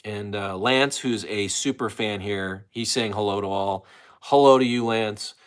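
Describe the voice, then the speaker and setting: A man's voice: fairly low pitch, measured pace, clean tone. A man hosting a casual livestream, talking loosely with lots of fillers and restarts as he reads the chat. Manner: loose, self-interrupting, chatty with many fillers. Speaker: livestream host.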